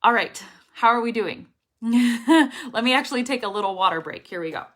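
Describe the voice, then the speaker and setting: Bright, strong-voiced woman teaching English. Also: fairly high pitch, moderate pace. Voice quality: strong, well-supported voice. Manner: energetic, emphatic, checks in with frequent "okay?". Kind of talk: casual online lesson.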